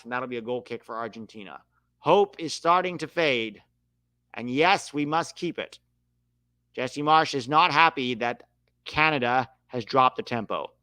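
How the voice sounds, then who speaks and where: A young man calling a match live for a watch-along, animated and quick to swear at the referee. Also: fairly high pitch, clean tone, no echo. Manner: animated, swears when riled, calls the play.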